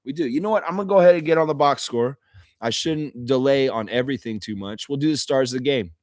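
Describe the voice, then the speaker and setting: A man hosting a live fan reaction stream, hoarse and tired from shouting at a game, talking in an emotional, excitable, rambling way. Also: mid-range voice, fast talker, no room sound, studio quality. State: hoarse, voice worn out. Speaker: fan channel host.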